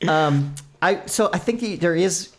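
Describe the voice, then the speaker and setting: A young adult man co-hosts a podcast, his voice sitting high and his pace measured over a loud crowd. He chats casually, telling his story with animation and acting out the quoted exchanges between its people.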